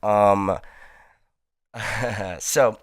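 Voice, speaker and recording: A man's voice: lowish voice, fairly even intonation, drawn-out words, no echo, clean studio sound. A man hosting a casual solo podcast, talking in a loose, rambling way with lots of ums, cursing and frequent laughs. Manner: rambling, laid-back, lots of ums and swearing, laughs often. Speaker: podcast host.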